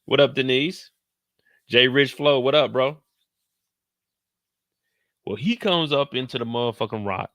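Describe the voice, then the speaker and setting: A man's voice: mid-range voice, no room sound. A man hosting a casual TV recap, telling it as a story in heavy slang and acting out what people said. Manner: slangy, animated, quotes characters in put-on voices; talks slower than in his live streams. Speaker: show recap host.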